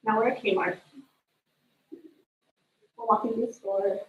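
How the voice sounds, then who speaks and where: A woman delivers a eulogy, telling family stories with lively energy. Her voice sits fairly high and is heard from a distance in a roomy, echoing space. The sound is dull, with a faint hum underneath. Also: slow. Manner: storytelling, animated retelling of family moments. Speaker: sister giving a eulogy. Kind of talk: memorial eulogy with family anecdotes. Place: memorial service room. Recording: distant echoey room mic, dull sound.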